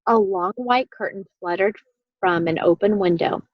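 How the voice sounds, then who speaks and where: A woman reading a children's book aloud with expressive, animated storytelling. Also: medium pitch, normal speed, dry recording, dull audio. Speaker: reader.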